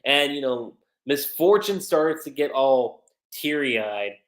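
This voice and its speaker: A host retelling a manga chapter on a casual livestream, chatty and quick to laugh. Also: medium pitch, expressive, roomy sound. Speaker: manga reviewer.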